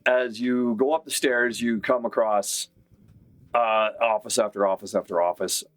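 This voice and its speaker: A man runs a tabletop game and describes each room in a relaxed, descriptive way. His voice sits a little low, and he leaves filler pauses between the details. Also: dry recording. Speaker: game master.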